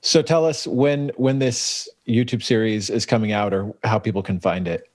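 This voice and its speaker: A man's voice: lowish voice, fairly even intonation, moderate pace, no echo. A man hosting a podcast, asking easygoing follow-up questions and laughing often. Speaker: podcast host. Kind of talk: casual interview chat.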